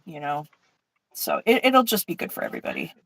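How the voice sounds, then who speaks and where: A woman's voice: low voice, wildly swooping pitch, fairly quick, vocal fry, fairly bright tone, poor audio. A woman co-hosting an art stream over a video call, chatting casually and emotionally as she paints, swearing now and then. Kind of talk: casual chat while painting.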